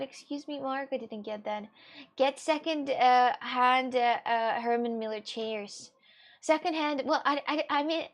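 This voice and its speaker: Young female streamer, casual and talkative, slightly high pitch, drops the odd swear. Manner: chatty, rambling, swears casually. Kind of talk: casual live-stream chat with viewers.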